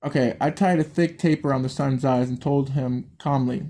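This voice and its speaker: Man, reading a horror story aloud, stumbling and restarting, swears at slip-ups, dark mellow voice. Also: mid-range voice, fairly even intonation, normal speed. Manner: stumbles, restarts and swears at his own misreadings. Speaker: story reader.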